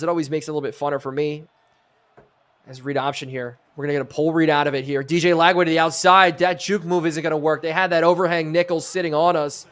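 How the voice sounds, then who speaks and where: A man streaming a football video game live, calling each play in an energetic sportscaster style. His voice sits a little higher than most men's, and he breaks off to thank and chat with his viewers. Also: quick pace. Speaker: streamer and host.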